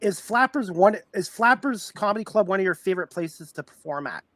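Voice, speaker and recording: A man hosting a talk show, asking loud, friendly questions. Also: high voice, expressive, brisk, reverberant. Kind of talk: casual interview chat.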